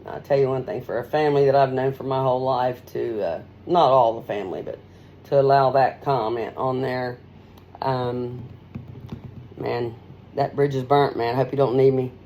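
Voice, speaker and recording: Middle-aged lady radio host just rambling folksy straight talk, pitch jumping all over. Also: steady tone, normal speed, lo-fi sound, slight background noise.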